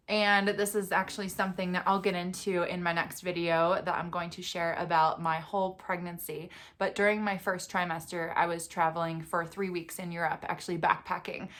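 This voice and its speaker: Chatty young woman telling a story. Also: lowish voice. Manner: chatty, peppered with "like" and "you know". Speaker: vlogger. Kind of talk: casual storytelling.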